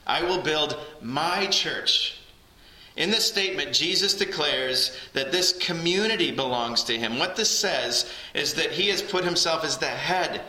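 A man's voice: fairly high pitch, lively intonation, normal speed, hardly any pauses, sharp tone. A man preaching a sermon as pastor, earnest and building emphasis on key phrases. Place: church sanctuary. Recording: echoey church hall.

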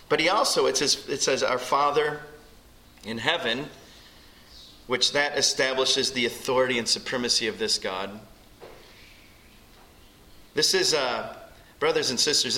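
A man preaching with a bright, forceful voice that rings through a roomy hall. He talks earnestly and emphatically, acting out prayers as he teaches his congregation. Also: medium pitch. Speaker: pastor. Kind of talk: sermon.

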